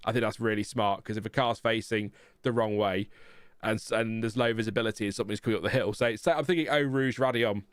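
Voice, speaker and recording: A man's voice: on the low side, fairly even intonation, fast talker, smooth, dry recording, studio quality. A man hosting a live watchalong, chatting casually and laughing often. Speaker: livestream host.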